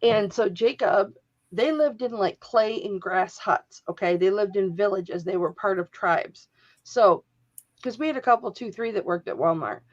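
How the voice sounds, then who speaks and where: A woman's voice: medium pitch, normal speed. A woman telling stories in casual chat on a live sale stream, joking and acting out what people said. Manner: chatty, joking, quotes people in her stories. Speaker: co-host. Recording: dull lo-fi livestream audio.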